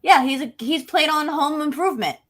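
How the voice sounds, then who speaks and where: A woman's voice: high voice, fairly quick. A woman with a South Jersey accent in a casual podcast chat, joking and chiming in with facts.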